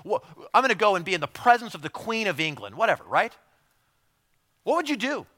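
Animated bright-voiced male preacher. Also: sits high, quick pace. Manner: animated, conversational preaching with many repeated words and acted-out asides. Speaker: pastor. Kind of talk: sermon.

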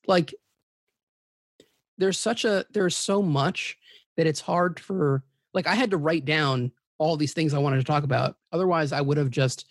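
A man talks as a guest in a casual podcast chat, with a slightly high voice. He rambles eagerly and corrects himself mid-sentence. The recording is dry and close. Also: no echo.

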